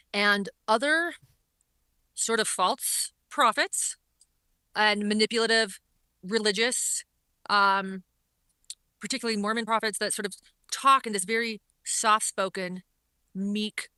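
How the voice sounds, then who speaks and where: A woman's voice: medium pitch, bright, forceful tone, no echo. A woman commentator recapping a court hearing in an earnest, repetitive way, often restarting her sentences. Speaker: online commentator.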